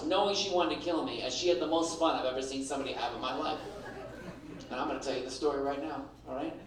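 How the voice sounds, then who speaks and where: A man's voice: mid-range voice, very echoey, far from the mic, a little hiss or hum, low-quality recording. A middle-aged man doing a stand-up comedy set, brash and punchy, acting out voices. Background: audience laughter.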